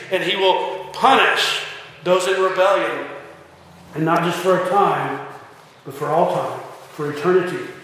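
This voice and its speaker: A man delivers a sermon in a high, bright voice. He speaks earnestly, often restarting phrases and voicing quoted lines with emphasis. A long, echoing reverb from a large hall trails every word. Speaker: pastor.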